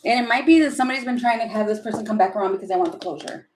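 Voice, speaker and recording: A woman's voice: on the high side, racing, a little mellow. A woman doing a casual live tarot reading, chatty and opinionated, rambling with many fillers and asides. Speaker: tarot reader.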